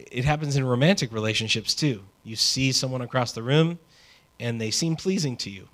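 A man preaching a sermon in a conversational, animated way, with casual asides. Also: medium pitch, fairly quick. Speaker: pastor.

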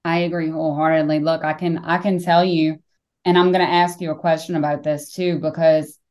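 A middle-aged woman hosting a podcast, telling stories in casual conversation, animated and swearing freely. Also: low voice, a little fast. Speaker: podcast host.

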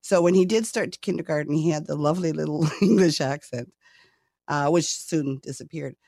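A woman's voice: sits low, a little fast, gravelly, dark tone. Chatty Canadian woman in her sixties, laughing. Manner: chatty, laughs often, repeats words when starting. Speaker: interview guest. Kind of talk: casual conversation.

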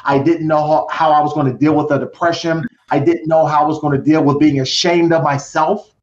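A man's voice: fairly high pitch, fairly even intonation, a little fast. A middle-aged man telling his personal story with drama as a podcast guest, acting out voices and counting down. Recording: roomy, dull lo-fi sound.

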